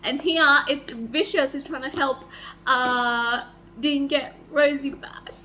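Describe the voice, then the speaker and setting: A young woman vlogging at home about a book she is reading, reading passages aloud and reacting with excited squeals and swearing. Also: slow pace, faint music behind. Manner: gushing and excitable, swings into high squeals and swearing. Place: home, near a microwave.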